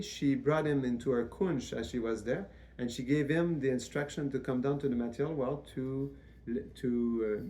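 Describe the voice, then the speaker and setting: A man giving a devotional lecture as a spiritual teacher, in a measured, reverent way with frequent restarts. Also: medium pitch, darkish tone, slight background noise.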